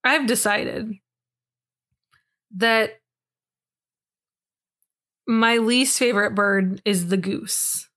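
A woman's voice: a little high, extremely slow, long pauses, a bit bright. A young woman co-hosting a podcast in casual chat, rambling and giggly, swearing freely. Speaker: podcast co-host.

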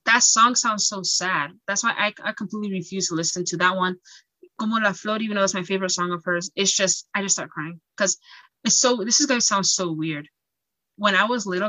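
Bright, lively young woman from Central Africa. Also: medium pitch, a little fast, no room sound. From Equatorial Guinea. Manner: lively, laughs often, animated storytelling. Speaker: guest, pageant titleholder and singer. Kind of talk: casual interview chat.

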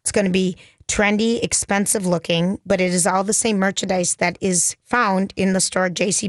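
A woman's voice: medium pitch, fairly even intonation, moderate pace, few pauses, no room sound, clean studio sound. A woman co-hosting a casual morning radio show, sharing news tidbits in a chatty, giggly way. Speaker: radio co-host.

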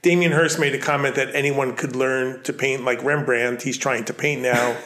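A man's voice: medium pitch, steady tone, moderate pace, sharp tone. A middle-aged man with a Long Island accent, an artist talking in a casual interview, rambling and often correcting himself mid-sentence. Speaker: artist and curator, interview guest. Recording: roomy echo.

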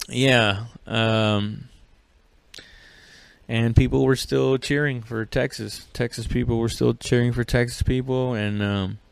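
A man's voice: medium pitch, takes it slowly, creaky, long pauses, a little mellow, no room sound. A man hosting a solo podcast, rambling and cursing, full of fillers and restarts. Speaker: podcast host. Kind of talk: casual solo podcast chat.

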